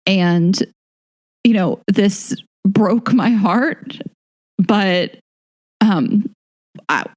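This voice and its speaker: A woman co-hosting a podcast in casual chat, talking haltingly with restarts and nervous laughs. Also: medium pitch, darkish tone. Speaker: podcast co-host.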